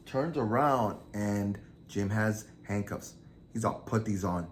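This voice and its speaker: A man's voice: on the low side, a little slow, slight background noise. A man casually retelling a true crime story, acting out the quoted lines with lots of energy.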